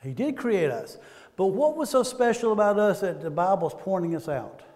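A man's voice: high-pitched, big pitch swings, normal speed, darkish tone, long reverb tail. A man with a Southern American accent preaching a sermon in a church, talking conversationally and asking the congregation questions.

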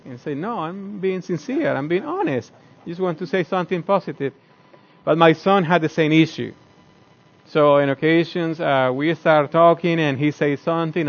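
Male speaker, conversational and earnest, keeps asking the listeners questions, somewhat high-pitched, muffled lo-fi audio. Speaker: speaker addressing his community. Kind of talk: reflective morning talk.

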